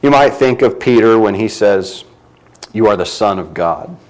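Animated male preacher with lively pitch. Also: normal speed, rough recording. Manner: animated, swinging from loud emphatic lines to quiet low ones; reads scripture aloud with rising emphasis. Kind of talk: sermon.

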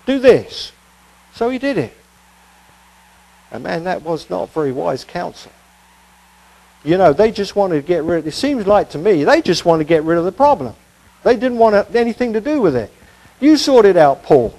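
A man's voice: high-pitched, very animated, normal speed, gravelly, pauses often, darkish tone, rough recording. A male preacher giving a conversational expository sermon, with casual asides and rhetorical questions.

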